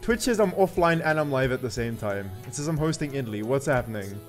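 Excitable male streamer with a lively voice. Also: medium pitch, quick pace. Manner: excitable, laughs often, jumps between loud yelps and mumbles. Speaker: live streamer. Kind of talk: casual live-stream chat, greeting viewers. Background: faint looping music.

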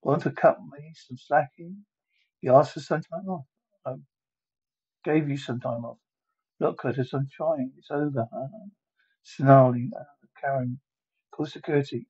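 A man reads a film script aloud by himself, taking every role in turn. He speaks the sound effects as words. His voice is husky and mid-pitched, and the recording sounds dull and lo-fi. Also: fairly even intonation, unhurried, pauses often, mellow. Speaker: solo reader of a movie script. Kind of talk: one-man dramatic script reading with spoken sound cues.

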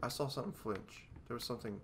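A man's voice: medium pitch, fast talker, noisy background. A man giving sarcastic commentary while playing a horror game, talking to the objects around him. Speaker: let's play gamer.

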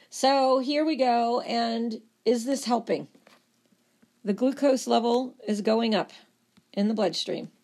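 A woman lecturing on body systems, telling the material as a playful, animated story. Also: medium pitch, gravelly. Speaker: nursing lecturer.

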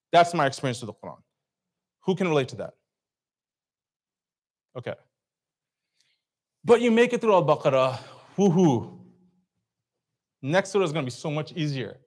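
A man giving an informal religious talk to a live audience, conversational, asking the crowd questions and acting out reactions. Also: fairly high pitch. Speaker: speaker at a community talk. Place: event hall.

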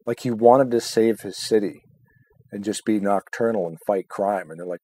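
A man's voice: on the low side, moderate pace, warm tone. A man co-hosting a casual chat, swearing a lot, laughing often and acting out his own reactions. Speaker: podcast co-host.

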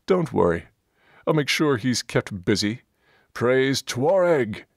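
A man's voice: mid-range voice, sing-song, a little slow, vocal fry, slightly rough, no echo, studio quality, voice pushed up, full character voice. A man doing a scornful zealot dwarf priest. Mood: boisterous. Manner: bullying, scornful, pompous.

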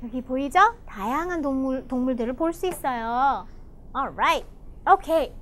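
Brief: woman teacher, enthusiastic storybook reader, bright high voice, fast delivery. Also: animated, slight background noise. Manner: enthusiastic, gasps often, explains in Korean. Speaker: English teacher reading a picture book. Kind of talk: bilingual storybook lesson for children.

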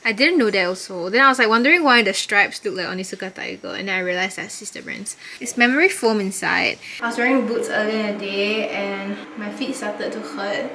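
A young woman, chatting excitably to the camera in a hotel room, now and then squealing. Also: medium pitch, brisk, hardly any pauses. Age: young adult. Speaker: travel vlogger. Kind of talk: casual vlog chat to camera. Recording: roomy room with background noise.

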